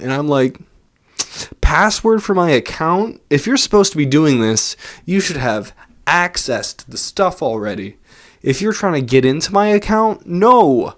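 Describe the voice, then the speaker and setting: Man, vlogger, casual rant, rambling, sarcastic, self-mocking, big studio mic. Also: mid-range voice. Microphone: large studio microphone.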